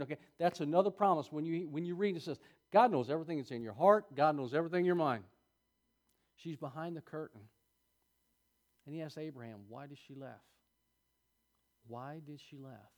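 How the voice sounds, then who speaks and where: Folksy preacher man, slightly high voice. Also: animated, a little fast, pauses often. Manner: folksy, laughs often, asides to the congregation. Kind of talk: sermon reading and commenting on scripture.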